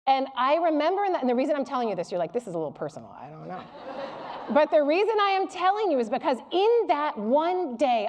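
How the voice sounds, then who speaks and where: Speaking before a live audience, a middle-aged woman delivers a public lecture with a slightly high voice. Her storytelling is candid, funny, and animated.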